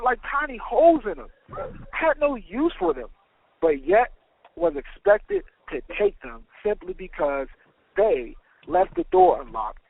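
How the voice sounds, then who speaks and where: A male podcast host from the United States with a high, gravelly voice that swings widely in pitch. He tells his story with emphatic, dramatic delivery. The sound is thin and tinny, like a phone line.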